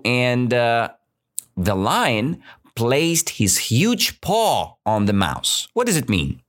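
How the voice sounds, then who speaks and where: A male English teacher reads a fable to his learners and then walks them through its vocabulary. He speaks slowly and deliberately and keeps checking in with "right?". His pitch rises and falls over a wide, lively range. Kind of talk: reading and explaining a story to learners.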